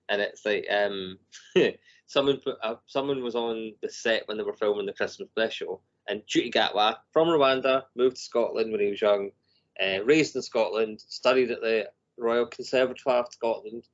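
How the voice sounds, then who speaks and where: A man's voice: fairly low pitch, moderate pace. A man, a filmmaker guest, talking casually on a podcast, chatty with frequent laughs and restarts. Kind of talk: casual chat. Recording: dull lo-fi podcast audio.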